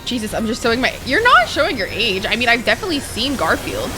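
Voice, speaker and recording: Young woman streaming games, kinda high voice, swears a lot, gets hyped fast, soft music under her. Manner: swears freely, chatty, excitable reactions. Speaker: game streamer. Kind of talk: casual live-stream chat.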